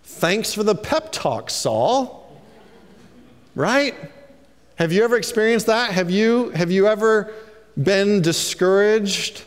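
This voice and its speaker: Man, pastor, sermon, animated storytelling, high voice, long hall echo. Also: takes it slowly, pauses often. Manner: animated storytelling, acting out quoted lines.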